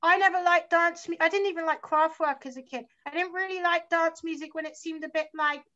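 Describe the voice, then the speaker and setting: Guest: London woman in her forties, very high and bright, sweary rambling storyteller, muffled lo-fi recording. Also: fairly even intonation, brisk. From South London, England. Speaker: guest musician. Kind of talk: casual chat. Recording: slightly muffled lo-fi sound.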